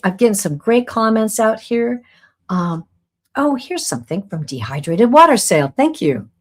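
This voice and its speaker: A middle-aged woman hosting a live-streamed class as a psychic medium, talking earnestly and rambling a little, reading out viewer comments with soft laughs. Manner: warm, earnest, rambling, with soft laughs and lively pitch swings.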